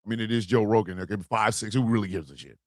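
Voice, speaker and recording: A man hosting a morning show, delivering a profane, impassioned rant that swings from hushed pleading to shouting. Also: fairly low pitch, racing, no echo. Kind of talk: ranting monologue.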